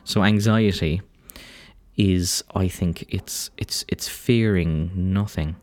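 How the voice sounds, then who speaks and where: Irish male podcast host, deep-pitched, meandering and foul-mouthed, self-mocking delivery. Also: slow pace, a little mellow, dry recording. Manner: rambling, profane, self-deprecating. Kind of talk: casual solo podcast monologue.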